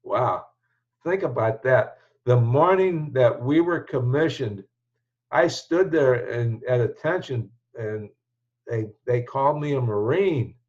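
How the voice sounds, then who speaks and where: A man's voice: mid-range voice, animated, slow, a little mellow. An older man from the United States looks back on his life, speaking with a mid-range voice in a casual, meandering way. He restarts his sentences and chuckles to himself as he goes. The recording sounds dull and slightly lo-fi. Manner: reflective, rambling, with restarts and chuckles. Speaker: show host telling his life story. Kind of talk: casual personal storytelling.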